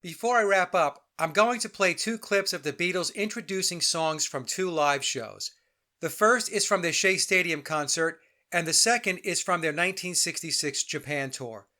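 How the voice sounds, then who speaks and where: A man with a fairly high, bright, forceful voice hosts a commentary show. He reads his script in a measured, deliberate way. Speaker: podcast host.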